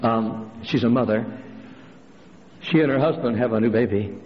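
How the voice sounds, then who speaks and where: A male pastor preaching a sermon in a church, swinging from hushed storytelling up to impassioned shouted refrains. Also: moderate pace. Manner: impassioned preaching, climbing to shouted refrains, dropping low for stories. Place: church sanctuary. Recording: lo-fi recording with long hall reverb.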